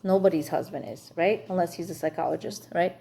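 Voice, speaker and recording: A woman's voice: on the low side, a little fast, vocal fry, dark tone, slight background noise. A woman teaching an informal class for women on marriage, chatty and frank, with humor.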